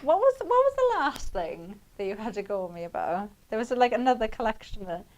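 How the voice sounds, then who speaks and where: A woman's voice: fairly high pitch, very animated, fairly quick. Chatty woman demonstrating crafts. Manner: chatty and rambling, laughs often. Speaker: craft shopping TV presenter. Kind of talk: live craft demonstration with chat.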